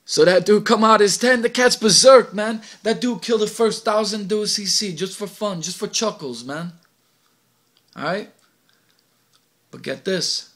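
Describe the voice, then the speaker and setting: A cocky teenage street kid, as a man acts him out, swaggering through a boastful, slangy tale. The voice sits a little high, with a gravelly edge. It is delivered as a dramatic stage monologue on a home video camera. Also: expressive, normal speed, pauses often, a bit bright. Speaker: actor in an audition monologue.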